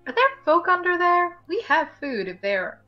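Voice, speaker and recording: A woman playing a tabletop game, brisk and playful in her talk. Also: very high voice, big pitch swings, lo-fi sound. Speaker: player.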